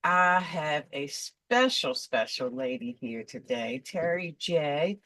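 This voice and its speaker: A woman's voice: sits low, expressive, slow pace, sharp tone, no echo, rough recording. A woman hosting an interview, introducing her guest in an eager, effusive way. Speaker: interview host. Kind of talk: enthusiastic introduction and chat.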